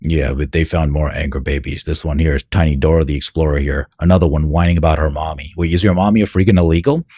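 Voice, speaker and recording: A man's voice: a bass voice, steady tone, quick pace, hardly any pauses, dark tone, husky, dry recording, studio quality. A man giving scornful commentary over news clips, talking back at the people on screen. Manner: sneering, scornful, talks back at the clip. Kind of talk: mocking video commentary.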